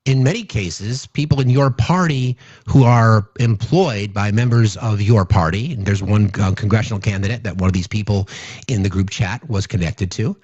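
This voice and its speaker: A man rants through political commentary in an indignant, rambling way, doubling back on his words. His voice is husky and a little breathy. The recording sounds dull and lo-fi, with a dry, close sound. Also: lowish voice, moderate pace, darkish tone, no room sound. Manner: indignant, rambling, many restarts.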